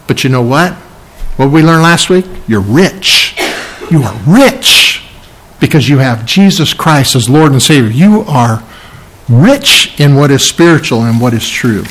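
A man preaching a sermon, emphatic and repeating key phrases, sometimes dropping to a soft hush. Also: medium pitch, lively intonation, normal speed, slight background noise, low-quality recording. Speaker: pastor.

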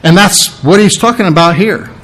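Halting, folksy male preacher. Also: high voice, a bit bright, low-quality recording. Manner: halting, repeats words, clears his throat often; plain-spoken, folksy. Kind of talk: sermon teaching.

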